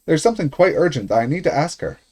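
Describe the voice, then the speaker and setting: A man's voice: a little high, sing-song, quick pace, darkish tone, husky, pitched above the performer's own voice. A man voicing a formal, persistent social worker on the phone. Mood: insistent. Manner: formal, polite, insistent.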